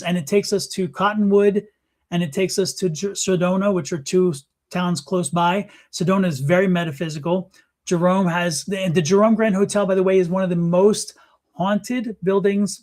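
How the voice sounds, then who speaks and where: Man host, high voice, loose rambling talk with restarts. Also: darkish tone. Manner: rambling, halting restarts, laughs often. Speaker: host and author. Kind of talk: casual chat.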